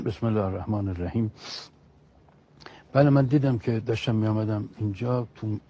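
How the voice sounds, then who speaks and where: A low, gravelly man from Iran speaks very fast and with a husky edge as a television guest. His tone is sarcastic, and he makes mocking jokes on a broadcast. The voice sounds dark and rough. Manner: sarcastic, joking delivery. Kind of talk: mocking talk on a state TV broadcast.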